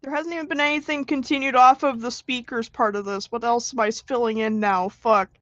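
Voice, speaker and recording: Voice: mid-range voice, steady tone, a little fast, a bit bright, dry recording, lo-fi sound. A player in a casual tabletop game, laughing, swearing and exasperated.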